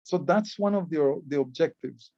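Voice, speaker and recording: Speaking at a normal speed in a warm, Belizean-accented voice that runs a little high for a man, a Maya writing club educator and guide presents on ancient glyphs. He is earnest and patient, frequently doubling back and repeating words. The close-miked sound is dry and somewhat dull, with muffled highs and no echo.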